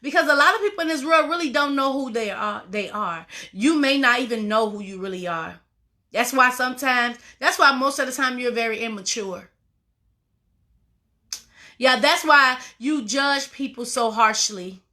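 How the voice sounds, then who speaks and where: A woman's voice: a little high, normal speed, pushed and bright. A woman life coach giving a motivational talk to viewers, emphatic and informal, repeating her phrases and calling listeners y'all and baby.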